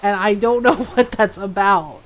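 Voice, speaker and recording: A woman's voice: medium pitch, measured pace, faint music behind. A woman streaming a game, chatting casually with frequent laughs and mocking character impressions. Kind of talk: casual commentary while playing.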